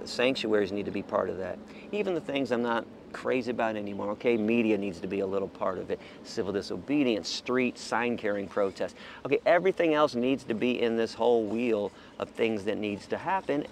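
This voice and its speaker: A man's voice: medium pitch, gravelly, a little hiss or hum. A man speaking passionately about animal sanctuaries in a casual monologue, stammering into restarts and swearing now and then. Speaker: vegan animal rights advocate.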